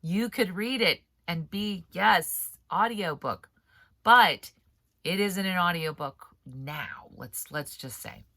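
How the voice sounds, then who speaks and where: A woman's voice: on the low side, slow pace, bright, forceful tone, no room sound, studio quality. A woman author hosting a casual writing-advice vlog, talking in a rambling, chatty way with frequent laughs and a stuffy nose from allergies. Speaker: author and writing coach host.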